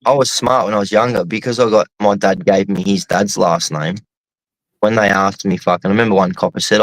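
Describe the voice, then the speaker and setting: A man's voice: lowish voice, fairly even intonation, brisk, no room sound, rough recording. A young Australian man chatting casually, telling blunt stories full of swearing. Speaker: host. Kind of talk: casual chat.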